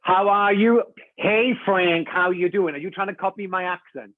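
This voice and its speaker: A man's voice: sits high, steady tone, normal speed, no echo, narrow, tinny audio. A cheerful, chatty man with a Welsh accent, a bit congested from hay fever, chatting as co-host. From Wales. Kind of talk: casual chat.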